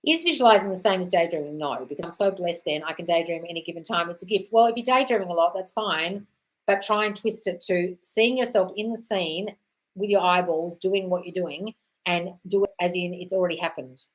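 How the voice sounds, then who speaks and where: A woman's voice: lowish voice, a little fast, rough recording. A woman hosting a live stream, reading out viewer questions and answering them in a breezy, chatty way, calling everyone darling. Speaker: host.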